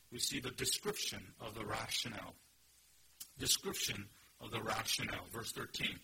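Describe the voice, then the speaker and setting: A man's voice: medium pitch, noisy background. A man preaching a sermon, teaching earnestly and emphatically and asking his listeners questions. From Korea. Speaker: pastor. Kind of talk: expository sermon.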